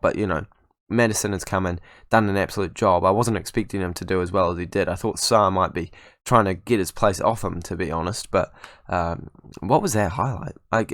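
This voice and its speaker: A man's voice: fairly low pitch, no room sound, clean studio sound. A young man giving chatty, self-mocking commentary over his football management game. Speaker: gaming YouTuber. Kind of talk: casual gameplay commentary.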